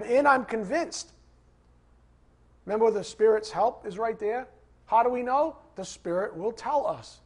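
Husky high-voiced male preacher. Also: expressive, normal speed. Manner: emphatic preacher, repeats scripture references, asks congregation questions. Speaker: pastor. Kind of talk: sermon.

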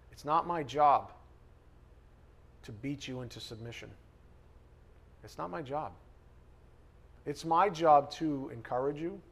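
A male pastor delivering a sermon to his congregation in a conversational way, pressing hard on key words and then dropping into soft, quiet asides. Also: mid-range voice, husky. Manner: conversational, emphatic preaching, swings between loud stresses and soft asides.

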